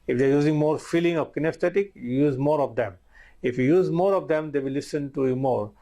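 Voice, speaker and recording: Gravelly, dark-voiced male instructor. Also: fairly high pitch, fairly quick. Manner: earnest, repetitive, addresses listeners as "my friends". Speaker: course instructor. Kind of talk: recorded online lesson.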